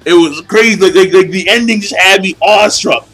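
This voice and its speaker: A young man gushing about a comic chapter in a casual video review, excitable and full of swearing and slang. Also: sits high, fairly quick, husky, poor audio. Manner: hyped, profane, slangy fanboy gushing.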